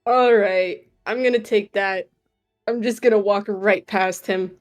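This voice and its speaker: A woman plays her character in a tabletop game in an easygoing, nonchalant way. She talks casually, and faint music plays softly in the background. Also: mid-range voice, steady tone, unhurried. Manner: laid-back, laughs often. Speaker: player.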